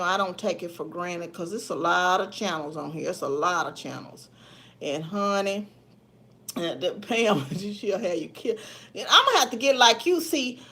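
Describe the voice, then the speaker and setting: A woman's voice: medium pitch, a bit bright. A middle-aged woman hosting a casual livestream, chatting folksily with viewers and laughing often. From Memphis area, USA. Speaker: livestream host. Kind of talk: casual live chat with viewers.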